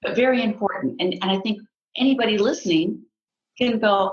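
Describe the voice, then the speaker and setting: A middle-aged woman psychotherapist talking as a podcast guest in casual chat, animated and laughing often. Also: medium pitch, a little fast, highs cut off. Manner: animated, laughs often, acts out inner voices.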